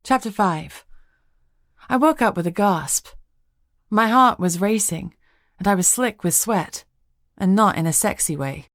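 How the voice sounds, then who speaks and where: A woman narrating a first-person audiobook with a wry, lively storytelling manner. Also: mid-range voice, a little slow, long pauses, no echo, clean studio sound.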